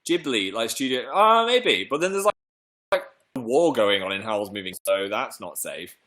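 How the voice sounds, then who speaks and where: A man's voice: medium pitch, very animated, normal speed, bright, forceful tone. A young man from England hosting a casual live stream, rambling playfully and reading out viewer comments. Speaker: livestream host. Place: home room.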